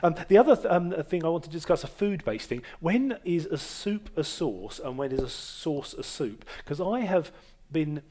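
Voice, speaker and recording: A man's voice: a little high, very animated, normal speed, warm tone. A man hosting a casual chat in a basement room, rambling and hesitant with many fillers and restarts, and a wry, self-mocking humour. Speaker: podcast host and musician.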